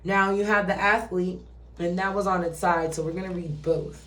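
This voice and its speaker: A woman's voice: fairly low pitch, steady tone, moderate pace, fairly bright tone. A woman giving a casual, chatty tarot reading who swears and acts out quoted voices. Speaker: tarot reader. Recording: roomy echo, distant from mic.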